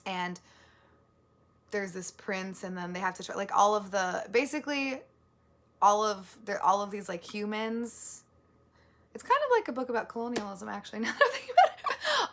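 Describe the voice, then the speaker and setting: A woman's voice: medium pitch, a bit bright. A woman book vlogger chatting casually about her month's reading, rambling with lots of likes and ums, earnest and easily moved. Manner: rambling, filler-heavy, with many likes and ums.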